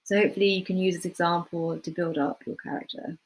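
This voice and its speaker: A woman tutoring students in playwriting. She explains things in a casual, relaxed way, with lots of ums and hedging. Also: on the low side, quick pace, low-quality recording. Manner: relaxed, full of ums and hedges. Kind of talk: casual instructional talk to students.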